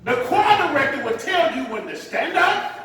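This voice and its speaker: A man preaching a sermon as pastor, swinging between hushed asides and loud dramatic bursts and repeating "watch this" as a refrain. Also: very high voice, big pitch swings, moderate pace, slight background noise. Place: large church sanctuary. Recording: echoey hall, picked up from a distance.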